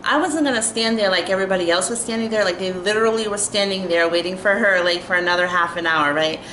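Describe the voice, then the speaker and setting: Exasperated young woman ranting, bright voice. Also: mid-range voice, quick pace, a little hiss or hum. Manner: exasperated, filler-heavy with constant "like". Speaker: vlogger. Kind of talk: storytime rant. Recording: echoey room with faint ambience.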